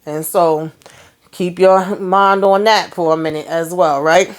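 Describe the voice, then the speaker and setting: A woman talks through a TV episode recap in a loose, chatty way. Her voice sits a little low, and she jumps in pitch when she quotes the characters. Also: fairly even intonation, a little slow. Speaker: TV review host. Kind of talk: casual TV recap.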